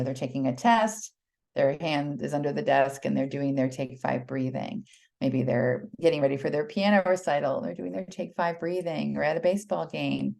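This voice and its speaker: A middle-aged American woman speaks with a low voice in a chatty, earnest way. She presents to an audience as a teacher and often pauses with fillers and restarts her sentences. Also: gravelly, darkish tone. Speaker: presenter, children's mindfulness teacher. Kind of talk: casual public talk.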